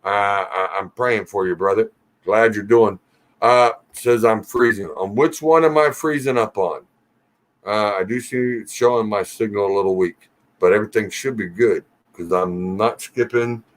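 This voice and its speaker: A man hosting a casual live Q&A stream, reading viewer comments aloud and teasing regulars in a relaxed, joking way. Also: fairly low pitch, normal speed.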